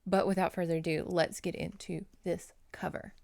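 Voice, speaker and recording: A woman with a Louisiana Southern accent, hosting her book review channel in a rambling, excitable, chatty monologue, often laughing and talking straight to viewers. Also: fairly low pitch, moderate pace, vocal fry, dry recording, studio quality. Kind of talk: casual chatty monologue to camera.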